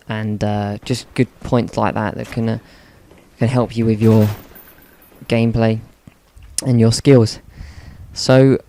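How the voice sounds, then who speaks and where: A man's voice: medium pitch, warm tone. A man giving casual, rambling commentary over video game play, with lots of ums and self-corrections. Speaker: gaming commentator.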